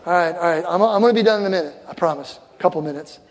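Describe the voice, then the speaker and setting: An older man preaching a sermon as a pastor, telling stories with loud punchlines and soft asides. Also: sits high, racing. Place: church sanctuary. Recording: long hall reverb, faint crowd ambience.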